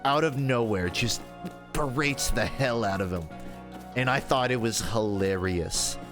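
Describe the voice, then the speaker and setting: A man chatting casually on a livestream while he plays, rambling from one story to the next and swearing freely. His voice sits at an ordinary middle pitch. Faint game music plays underneath. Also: measured pace. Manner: rambling, profane storytelling with laughs. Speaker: streamer.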